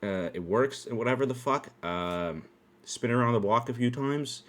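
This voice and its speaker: Young male podcaster, casual storyteller, very lively pitch, crude and jokey delivery. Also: moderate pace. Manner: animated, profane, laughing asides, swings from loud to mumbly. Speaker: podcast host.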